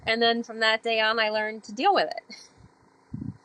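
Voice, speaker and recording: A woman's voice: fairly high pitch, measured pace, a little hiss or hum, low-quality recording. Chatty woman sharing sailing stories. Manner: chatty, with many fillers; animated when she acts out past dialogue. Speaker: podcast guest, sailor and author. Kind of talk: casual storytelling interview.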